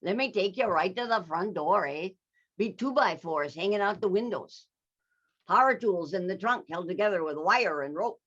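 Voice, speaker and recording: A woman's voice: medium pitch, lively intonation, normal speed, a bit bright, muffled recording. A woman voicing her folksy father, a carpenter, in a homespun, insisting way. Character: folksy older Wisconsin man, a doting carpenter dad.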